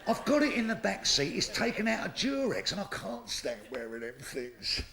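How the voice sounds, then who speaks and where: This middle-aged man's high voice swings wildly in pitch as he does crude, punchy stand-up at normal speed. Swearing freely, he plays to a live stage audience whose laughter fills the recording.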